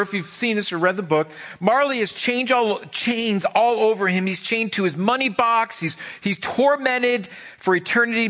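A man preaching a sermon to his church, animated and emphatic, firing off rhetorical questions. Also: sits high. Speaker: pastor.

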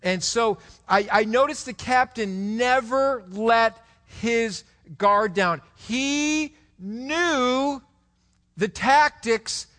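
A middle-aged man preaching a sermon, moving between loud emphatic exhortation and low, quick storytelling. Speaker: pastor.

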